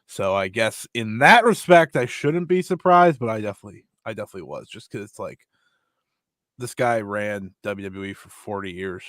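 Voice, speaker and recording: Male podcast co-host, low voice, dry close mic, blunt and emphatic. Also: creaky, a bit bright, no echo. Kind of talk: casual chat.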